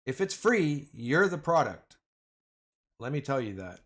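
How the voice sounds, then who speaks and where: A man's voice: medium pitch, very animated, a little slow, pauses often. A man hosting a casual livestream, rambling and joking, often calling his viewers "man" and "boys". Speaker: livestream host.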